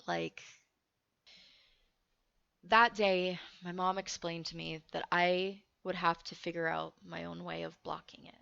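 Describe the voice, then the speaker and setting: Shaky woman with a gravelly edge. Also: on the low side, steady tone, bright, forceful tone, no room sound. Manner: shaky, halting, swears freely. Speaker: storyteller. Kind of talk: casual storytelling. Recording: muffled dry recording.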